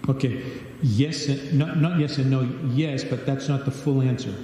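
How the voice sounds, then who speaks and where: A man's voice: mid-range voice, normal speed, dark tone. A man leading a Bible study, reading scripture aloud and asking questions of the group. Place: large church hall. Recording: distant echoey church livestream.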